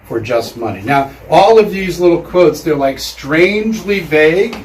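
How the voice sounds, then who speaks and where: A man's voice: on the high side, animated, unhurried, darkish tone, a little hiss or hum. A man giving a casual lecture to a room of listeners, chatty and full of fillers, getting the audience to repeat words aloud. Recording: echoey room, mic far off.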